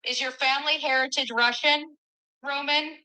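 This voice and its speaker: A woman's voice: sits high, steady tone, moderate pace, pushed and bright, rough recording. A woman speaking on a panel in a heated online debate, blunt and dismissive.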